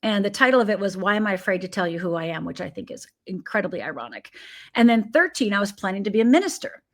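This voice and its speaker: A woman's voice: mid-range voice, lively intonation, quick pace. A woman from Upper Michigan, a guest life coach, telling her personal story in an interview and acting out the voices of people in it. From Upper Michigan, USA. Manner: vivid storyteller who acts out quoted voices.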